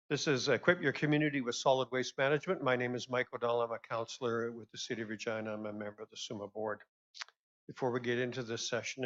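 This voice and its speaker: A man's voice: mid-range voice, fairly bright tone. A man moderating a convention session, chatty and courteous as he welcomes people and repeats his announcements. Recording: dull lo-fi sound.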